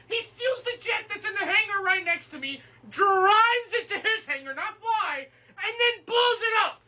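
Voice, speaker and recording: A woman voicing a fed-up airport worker who rants indignantly in a comedy skit. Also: heavily acted. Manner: ranting, indignant, high and animated. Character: fed-up put-upon airport worker, whiny and exasperated. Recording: distant mic with noise.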